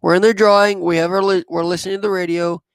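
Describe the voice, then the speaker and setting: A man, telling a personal story in a rambling, halting way. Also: high voice, flat delivery, clean tone, no echo. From southwest Missouri. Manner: rambling, halting, with many fillers. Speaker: vlogger.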